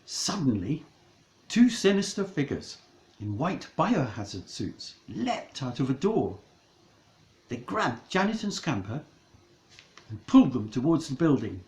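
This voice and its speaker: A man narrating a comic storybook in a mock-dramatic, deliberate way. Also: mid-range voice, big pitch swings, darkish tone, roomy sound, poor audio.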